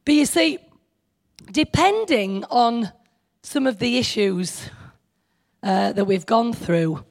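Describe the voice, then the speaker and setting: A woman with a fairly high, expressive voice and some vocal fry speaks slowly at a church meeting. Her sermon is informal and chatty, and she jokes with the congregation, pokes fun at herself, and addresses them directly.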